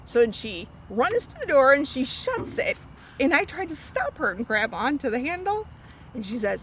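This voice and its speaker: A woman telling a story from her cleaning job in casual talk, acting out a little girl's lines in a high voice. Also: moderate pace, poor audio. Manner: animated, acts out a child's lines in a high voice. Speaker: storyteller guest on a vlog. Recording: faint street noise.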